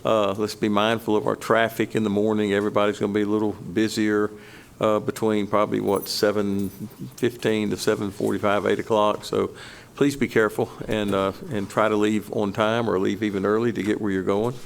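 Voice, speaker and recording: Gravelly council president. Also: male voice, lowish voice, fairly quick, a little hiss or hum. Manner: relaxed, folksy. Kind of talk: chairing a council meeting. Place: city council chamber.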